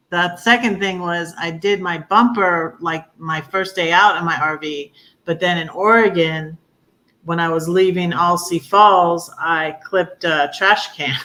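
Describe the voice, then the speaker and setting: A woman hosts a casual livestream and tells a story about her travels. She talks with a chatty, laughing manner. Her voice is bright. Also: on the low side, rough recording. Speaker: livestream host. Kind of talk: casual chat.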